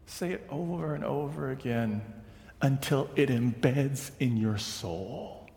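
A man, a pastor, preaching a sermon with slow, emphatic repetition. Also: medium pitch, gravelly, dark tone, slight background noise. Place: church sanctuary. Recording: church hall reverb.

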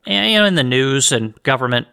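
A man's voice: medium pitch, expressive, brisk, vocal fry, bright, forceful tone, clean tone. A man hosting a solo podcast, arguing his opinions with rhetorical questions and frequent restarts. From United States. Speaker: podcast host.

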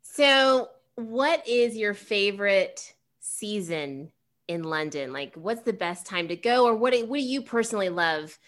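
A woman's voice: mid-range voice, lively intonation, a little slow, a bit bright. A woman hosting a casual chat, bubbly and full of fillers. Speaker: host.

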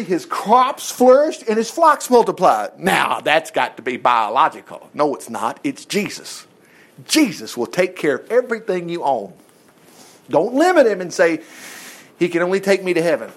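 A man with a high voice teaches a Bible study. He reads scripture aloud and breaks off into folksy exclamations and rhetorical questions. His pitch swings widely from line to line. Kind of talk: reading scripture aloud with running commentary.

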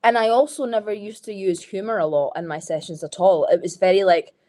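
A woman's voice: mid-range voice, steady tone, fairly quick, warm tone. Frank Scottish woman telling stories. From Scotland. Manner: frank, swears freely, leans on "like" while telling stories. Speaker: podcast guest. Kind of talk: casual chat.

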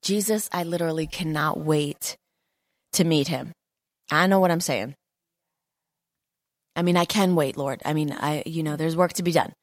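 A woman preaching a fervent, conversational sermon, repeating key lines for emphasis and often pausing on fillers. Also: low-pitched, no room sound.

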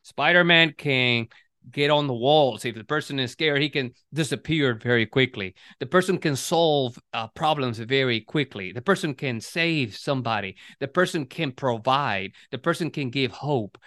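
A man's voice: mid-range voice, moderate pace, pushed and bright, no room sound, clean studio sound. A man co-hosting a podcast, talking in a reflective, casual way with many restarts. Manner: reflective, restarts and repeats words. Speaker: podcast co-host. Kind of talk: casual conversation.

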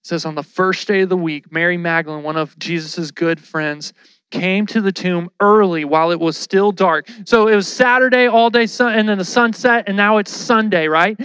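A man giving a casual, lively sermon, telling the story with slang and acting out the people in it. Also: high voice, moderate pace, clear, resonant tone, no echo.

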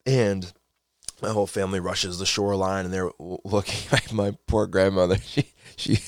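Man, low voice, dry close sound, earnest faith testimony, excitable, repeats himself. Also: moderate pace, dry recording. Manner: repeats words and restarts when wound up. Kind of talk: personal faith testimony monologue.

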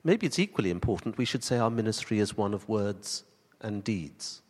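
A man preaching in a church, his voice rising and falling with lively, expressive intonation. He leans into emphatic questions, then slows down to drop to soft, deliberate stresses. His words ring out with the long reverb of a large church hall. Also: lowish voice. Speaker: pastor. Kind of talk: sermon.

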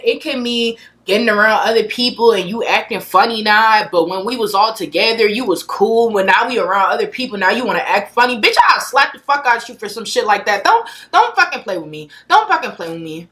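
Young woman, podcast host, solo rant, bright tone, blunt and profane, loud then muttered. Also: a little high.

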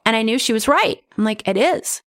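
Chatty middle-aged lady, kinda high voice, telling stories on her podcast. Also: quick pace. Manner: chatty, animated, says right and you guys. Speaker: podcast host and medium. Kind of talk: casual storytelling.

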